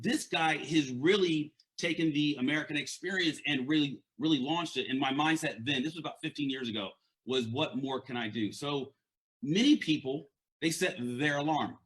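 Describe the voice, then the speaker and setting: A man's voice: mid-range voice, animated, normal speed, a bit bright. Guy giving a motivational talk, stutters a bit, repeats words, just talking straight. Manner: earnest, conversational. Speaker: leadership and mindset coach.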